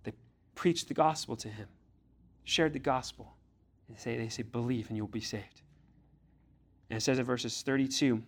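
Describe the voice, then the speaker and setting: A man preaching a sermon to a youth group as their pastor, earnest and direct, pressing his listeners with blunt questions and now and then acting out the voices in scripture. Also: mid-range voice.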